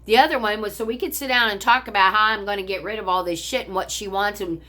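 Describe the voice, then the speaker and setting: Speaking fast in a steady, medium-pitched, sharp-toned voice, an older American woman rails at her family in a profane personal vent. She's a vlogger filming on her phone at home, looking out on a pond, and her manner is bitter and ranting.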